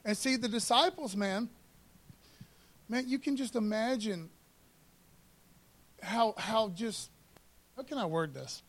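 A man preaching with fervor, his voice sitting noticeably high. He keeps the tone casual and punchy, tossing in "man" and calls for an amen between lines. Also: slow pace, long pauses. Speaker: pastor. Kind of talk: sermon.

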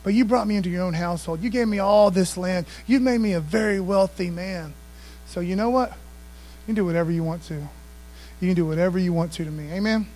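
This pastor's voice sits high with a darkish tone, and he speaks fairly quickly. He preaches conversationally and often calls out to the congregation for responses, though the audio quality is poor.

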